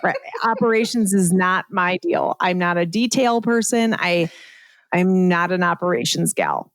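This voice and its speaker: A woman's voice: on the low side, sing-song, measured pace, dry recording. Chatty woman guest, dry close sound. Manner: chatty, frequent "like" and "right?", laughs at herself. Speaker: podcast guest, entrepreneur. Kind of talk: casual interview storytelling.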